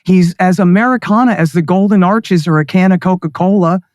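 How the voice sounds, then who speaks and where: A man's voice: sits high, a little fast, a little mellow, no room sound, clean studio sound. A man speaking as a guest in a political interview, ranting with sarcasm and scorn. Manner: mocks others in put-on voices. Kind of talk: heated political interview talk.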